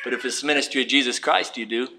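A man preaching a sermon in an animated way, firing rhetorical questions and acting out what people say. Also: mid-range voice, racing, vocal fry, reverberant, slight background noise.

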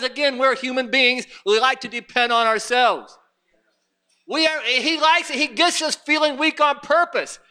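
A man's voice: very high voice, sharp tone. A man preaching a sermon, reading scripture aloud and driving his points with rising intensity. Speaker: pastor.

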